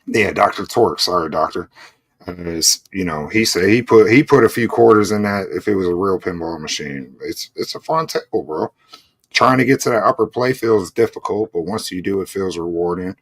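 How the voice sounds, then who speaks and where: A man's voice: deep voice, brisk, a bit bright, husky, dry recording. A man co-hosting a casual show, talking in a laid-back way full of "bro" and "you know". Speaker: podcast co-host. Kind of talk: casual chat.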